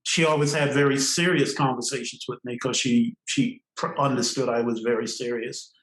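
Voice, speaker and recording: An older man from Trinidad, a podcast guest, telling stories in an animated way and laughing often between phrases. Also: mid-range voice, normal speed, echoey room, low-quality recording. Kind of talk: storytelling interview.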